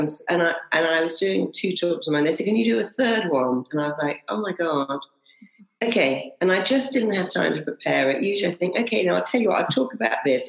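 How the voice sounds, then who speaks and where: A woman with a lowish, gravelly voice talks emphatically, repeating slogans and acting out the voices in her head. Her voice rings a little in an echoey room. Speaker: hypnotherapy trainer, guest. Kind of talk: animated interview storytelling.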